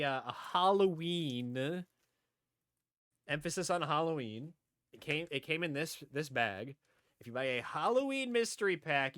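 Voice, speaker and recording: Chatty, bright-voiced male streamer. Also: on the high side, clean tone, dry recording, studio quality. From upstate New York. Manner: rambling, chatty, repeats himself. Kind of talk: casual live-stream chat.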